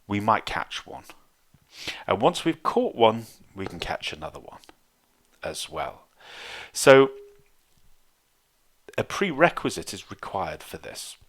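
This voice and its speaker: Deep-voiced guy giving a zen talk, calm, thoughtful, lots of uhs. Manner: calm, reflective, with many fillers and restarts. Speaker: Zen teacher. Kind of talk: Dharma talk.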